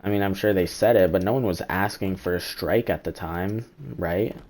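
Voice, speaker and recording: A man's voice: deep voice, moderate pace, darkish tone. A man streaming a game, rambling through his opinions in casual chat and swearing now and then. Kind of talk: casual live-stream commentary.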